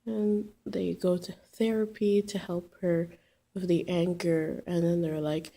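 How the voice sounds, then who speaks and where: A woman's voice: lowish voice, flat delivery, measured pace, gravelly, warm tone. A woman casually telling a personal story, rambling with many fillers and restarts.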